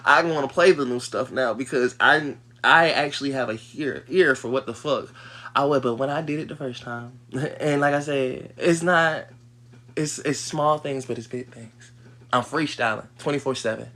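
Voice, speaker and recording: A man on a livestream, ranting in a heated, profane way, dropping to low mutters and then breaking into loud outbursts. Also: normal speed. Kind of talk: livestream rant.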